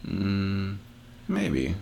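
A man's voice: low voice, wildly swooping pitch, drawn-out words, gravelly, darkish tone, slight background noise. A man in casual chat, laid-back with dry remarks.

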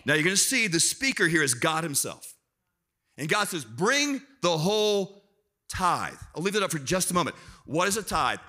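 Bright-voiced man preaching a sermon. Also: fairly high pitch, fairly quick. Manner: lively, self-deprecating, talks to the crowd and prompts responses. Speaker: guest preacher. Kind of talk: sermon to a church congregation. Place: church auditorium.

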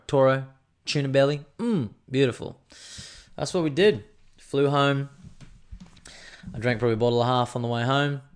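A man hosting a podcast, rambling in a loose, chatty way and swearing freely. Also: mid-range voice. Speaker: podcast host. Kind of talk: casual chat.

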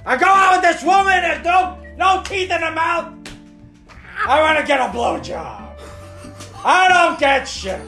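A man doing a comedic impression of a gruff, belligerent older male movie tough guy, shouting crude complaints. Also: very high-pitched, lively intonation, measured pace, reverberant, over music, voice pushed up, heavily acted.

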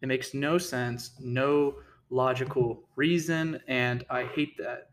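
A man delivering a casual commentary rant in a middle-pitched voice. He sounds heated and indignant throughout, tripping over his words and restarting sentences as he argues. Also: fairly even intonation, takes it slowly. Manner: heated, indignant, repeats himself and restarts often. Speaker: political commentator.

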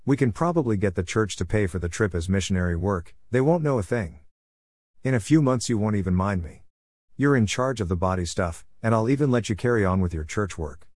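A man's voice: on the low side, expressive, brisk, a little mellow, no echo, clean studio sound. A man voicing a scheming, boastful male affliction spirit who mocks and gloats in a storybook tale. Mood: gloating.

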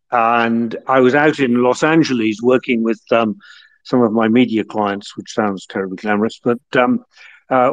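A middle-aged man from the North of England, a guest telling long anecdotes with many fillers and restarts. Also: medium pitch. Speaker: guest, former football club chief executive. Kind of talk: relaxed anecdotal storytelling. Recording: slightly muffled lo-fi audio.

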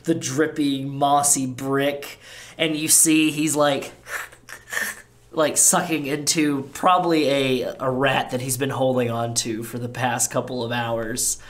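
A man narrating as game master in a relaxed, casual way with many fillers. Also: medium pitch, unhurried.

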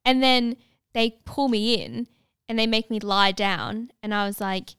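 A young woman telling a story in casual chat, animated and full of fillers, acting out what others said. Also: mid-range voice, unhurried, clean tone, no room sound, clean studio sound. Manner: animated, many filler "like"s, acts out dialogue.

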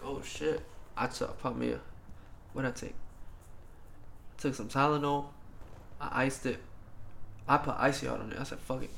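Young guy, gravelly voice, easygoing slang-heavy chatter, faint hiss behind. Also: medium pitch. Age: young adult. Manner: laid-back slangy storytelling, lots of swearing. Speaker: college athlete. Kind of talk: casual chat.

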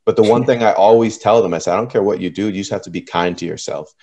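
A man's voice: fairly low pitch, fast, dark tone, highs cut off. A man hosting a podcast interview, asking questions in an easygoing way with frequent affirming murmurs. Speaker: podcast host. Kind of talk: casual interview talk.

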